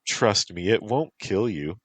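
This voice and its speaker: A man voicing a winged female yokai with a high, whistling, wheedling voice. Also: lively intonation, a little slow, husky, no room sound.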